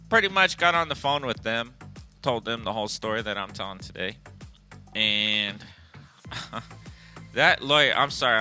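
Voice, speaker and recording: Blunt, cussing man with a bright voice. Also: lowish voice. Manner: blunt, profane, street-smart. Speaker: EMS worker and instructor. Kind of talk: casual podcast storytelling.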